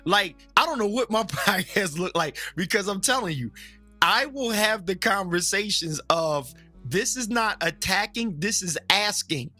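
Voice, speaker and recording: A man's voice: high-pitched, animated, pushed and bright, faint music behind. A man who is a Baptist preacher, talking frankly and animatedly as a guest, joking and acting out other people's voices. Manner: frank and joking, drops into slow emphatic phrasing. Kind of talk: casual opinionated chat.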